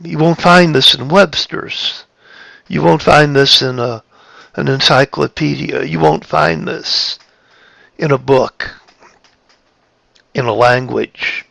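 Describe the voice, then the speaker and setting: A man giving a reflective spiritual talk, halting and repeating his phrases, shifting his tone of voice for emphasis. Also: fairly high pitch, gravelly, a bit bright, no echo. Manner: plays with tone of voice for emphasis. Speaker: spiritual speaker.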